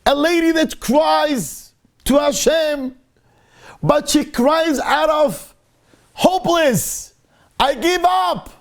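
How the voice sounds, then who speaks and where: A man's voice: extremely high pitch, takes it slowly. A man, a rabbi giving an emphatic Torah lecture and slipping Hebrew phrases into his English. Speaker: rabbi teaching a Torah class.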